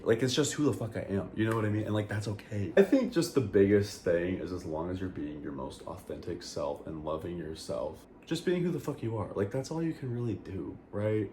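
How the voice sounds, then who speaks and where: A young man chatting candidly to camera in a vlog, rambling with lots of fillers and casual swearing. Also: on the low side. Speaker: vlogger. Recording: echoey room with faint noise.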